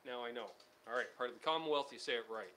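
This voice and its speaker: A man's voice: medium pitch, quick pace, sharp tone, slight background noise. Easygoing man. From Canada. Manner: easygoing, reads viewer comments aloud. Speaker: co-host. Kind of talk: casual chat.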